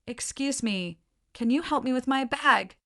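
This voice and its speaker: A woman reading the lines of an elderly woman passenger asking for help with a heavy bag, in a polite, gentle way. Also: sits high, a little slow, voice pushed up, heavily acted.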